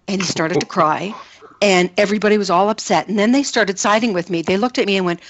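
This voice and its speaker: A woman's voice: medium pitch, fairly quick, no echo, muffled recording. A middle-aged woman, a film producer and coach, telling emphatic stories in an interview and acting out quoted voices. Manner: animated, acts out quotes with shifting voices; repetitive, emphatic storytelling. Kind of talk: conversational storytelling interview.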